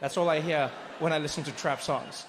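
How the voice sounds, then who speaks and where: A young South African man performing stand-up comedy on a club stage, animated and jumping into character voices. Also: on the high side, a little fast, in a large hall, a little hiss or hum.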